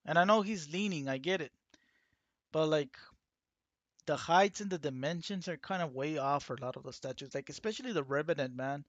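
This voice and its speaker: A man's voice: a little high, fairly quick, fairly bright tone, dry recording, lo-fi sound. A man hosting his own channel, talking casually and rambling with many fillers and restarts. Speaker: channel host. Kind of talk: casual talk to camera.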